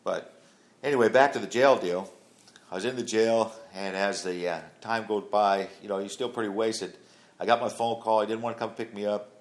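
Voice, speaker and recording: A man's voice: lowish voice, steady tone, moderate pace. A middle-aged man telling a long personal story to his grown child in a plain, rambling way full of fillers. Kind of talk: casual storytelling.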